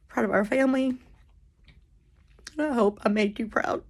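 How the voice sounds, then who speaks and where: A tearful woman giving a halting, emotional spoken tribute to her late father, often repeating and restarting her words. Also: medium pitch. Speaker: daughter giving a eulogy.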